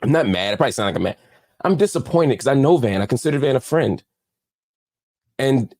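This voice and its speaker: A man's voice: medium pitch, lively intonation, a little mellow. A man hosting a political commentary show, talking with heated, preacher-like force and hammering phrases through repetition. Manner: heartfelt, slower, subdued. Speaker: host.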